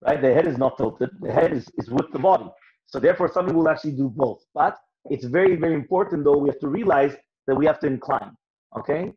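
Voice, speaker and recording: Man, rabbi, Torah class, higher voice, quotes and translates Hebrew, asks "right?" often, muffled lo-fi sound. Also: fast talker, husky. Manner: explains with rhetorical questions and frequent "right?". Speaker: rabbi teaching Jewish law. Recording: dull lo-fi recording.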